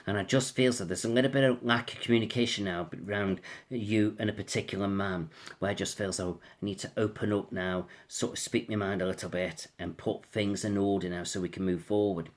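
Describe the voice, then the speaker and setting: A man's voice: lowish voice, fairly even intonation, fairly quick. A man giving a casual astrology reading, rambling and reassuring, often repeating "I feel so". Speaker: astrologer and tarot reader.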